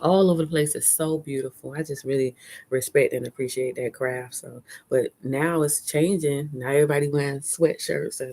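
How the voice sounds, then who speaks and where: A chatty woman talks candidly to her live-stream viewers. Her voice sits low for a woman, and she laughs often as she goes. She is recorded outdoors on a phone held at arm's length. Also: steady tone, moderate pace, warm tone. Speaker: vlogger hosting a live stream. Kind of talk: casual live-stream chat. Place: outdoors at a fair.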